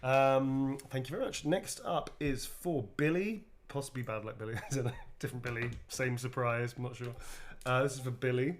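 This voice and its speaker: A man's voice: medium pitch, normal speed, few pauses, a little hiss or hum. Laughing, joking man on a livestream. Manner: joking, laughing, swearing freely. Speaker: actor signing autographs on a livestream. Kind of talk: casual livestream chat.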